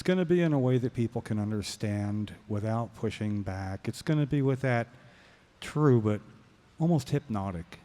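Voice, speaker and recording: A man co-hosting a talk podcast, speaking in a calm, measured way. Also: lowish voice. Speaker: podcast co-host. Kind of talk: talk show commentary.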